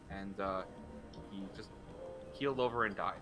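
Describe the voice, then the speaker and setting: Casting: male tabletop player, bright and forceful tone, jokey and halting. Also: fairly low pitch, steady tone, faint music behind. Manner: jokey, stumbling restarts. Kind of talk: casual tabletop game chat.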